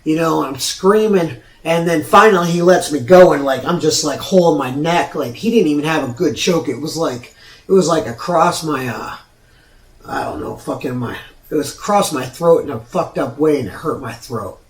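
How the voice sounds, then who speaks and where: Host, man in his forties, swearing storyteller, slightly high voice, recorded at a distance. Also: moderate pace. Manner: profane, rambling, frequent restarts. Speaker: show host. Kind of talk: personal storytelling. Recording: roomy sound from off mic.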